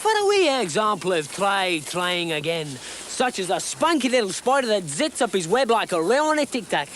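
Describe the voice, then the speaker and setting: A blustering Scottish king in a homemade comedy sketch, all bluster and wounded pride, as a performer puts him on. The put-on Scottish accent is thick, and the pitch swings widely. A little background noise sits under the voice. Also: sing-song, moderate pace, a bit bright. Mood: pompous. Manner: bombastic, easily flustered.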